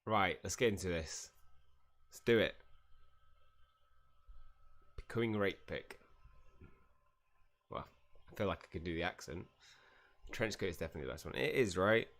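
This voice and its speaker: A man's voice: sits low, a little fast, fairly bright tone. A man streaming a game live, chatting casually, reading game dialogue aloud and laughing often. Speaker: gaming streamer. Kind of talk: live gameplay commentary.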